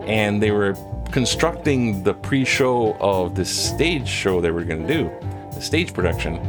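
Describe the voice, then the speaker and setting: A man from Hawaii hosts a casual solo chat, laughing often and wandering off into asides. His pitch leaps up sharply on exclamations. Clear guitar music plays under his voice. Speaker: host reading and reacting to news.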